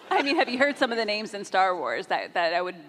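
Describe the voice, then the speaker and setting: A woman moderating a live fan-convention panel, chatty and upbeat with quick jokes. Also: medium pitch, big pitch swings, a bit bright, a little hiss or hum. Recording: reverberant convention hall, crowd ambience.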